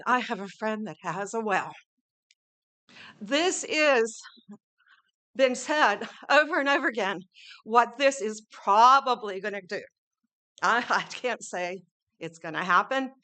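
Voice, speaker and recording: A woman with a high, bright voice speaks at a public meeting, pleading and emotional. Her remarks ramble and circle back. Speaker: public commenter. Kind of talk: public comment at a council meeting.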